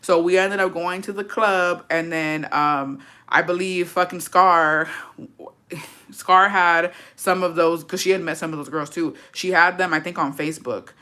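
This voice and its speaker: A woman's voice: on the low side, fairly even intonation, measured pace, pushed and bright. A young woman telling a personal story in a casual vlog, blunt and swearing a lot, rambling with fillers and slipping into Spanish.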